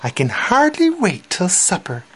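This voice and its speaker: A brisk, unbothered woman in a spooky storybook, as a male reader plays her. She talks in a plain, matter-of-fact way with lively pitch. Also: slightly rough, heavily acted. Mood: pleased. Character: ordinary woman making soup, unbothered.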